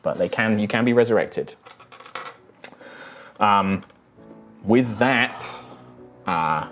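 A man's voice: lowish voice, slow, fairly bright tone, faint music behind. A man narrating as game master of a tabletop game, in a loose, conversational way.

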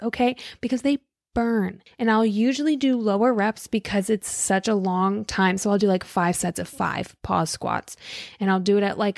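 A young woman in her office, giving casual fitness advice in an animated, chatty way, full of "like" and "dude". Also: mid-range voice, normal speed, vocal fry, no echo, clean studio sound. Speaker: fitness creator.

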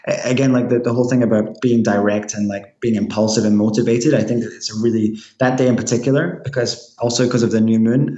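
A man's voice: fairly low pitch, darkish tone, dull audio. A man with a Glaswegian Scottish accent, an astrologer chatting casually on a podcast, rambling with lots of restarts and fillers. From Scotland. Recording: roomy echo.

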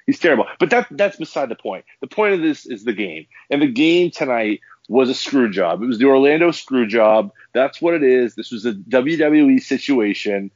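A man's voice: mid-range voice, no room sound. Ranting male sports podcaster, lo-fi. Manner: ranting, animated, stumbling restarts. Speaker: podcast co-host. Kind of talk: heated casual sports talk. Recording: dull dry lo-fi podcast audio.

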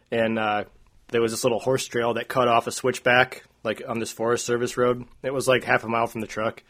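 A man co-hosting a podcast, telling a long story in a rambling, animated way, full of "like" and "uh". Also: mid-range voice. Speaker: podcast co-host. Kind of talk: casual storytelling.

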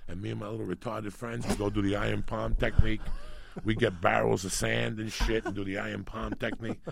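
A man's voice: lowish voice, fairly quick, a little hiss or hum. A middle-aged man from New York City telling rambling, profanity-laced stories in a casual chat. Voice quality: gravelly, husky. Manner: profane, rambling, animated storyteller.

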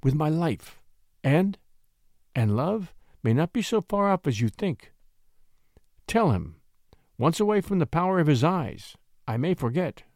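Brief: male narrator playing a timid young noblewoman, soft-spoken and pleading, storybook reading. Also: on the high side, sing-song, unhurried, long pauses, dry recording, studio quality. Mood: tender. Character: frightened gentle young noblewoman.

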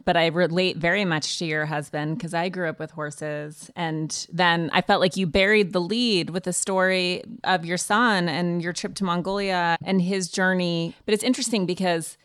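Smooth, low-voiced woman interviewer. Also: normal speed, hardly any pauses, a bit bright, dry recording, clean studio sound. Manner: reflective, thinking aloud. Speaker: interviewer, podcast host. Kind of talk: conversational interview.

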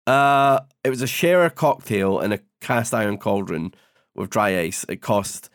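A man's voice: lowish voice, unhurried, no echo, clean studio sound. A man co-hosting a casual podcast, telling a story in a rambling way. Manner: rambling with fillers and restarts. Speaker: podcast co-host.

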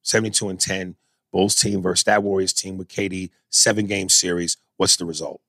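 A man's voice: low-pitched, brisk, dry recording. A man hosting a podcast, arguing animatedly and reading out listener messages in casual chat. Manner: animated, argumentative, reads listener messages aloud. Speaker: podcast host.

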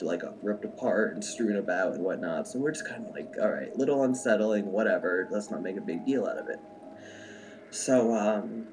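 A young adult man with a lowish, darkish voice tells a personal story casually over a faint hiss or hum. He rambles, leaning heavily on "like" and "um."

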